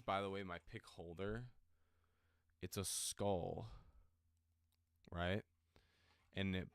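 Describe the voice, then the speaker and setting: A young man rambles through a casual livestream chat, his voice low-pitched and smooth even as it wears thin. He talks through guitar gear and music theory with plenty of ums and "okay?" check-ins. The sound is close and dry. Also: no room sound. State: voice getting worn out. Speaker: livestream host.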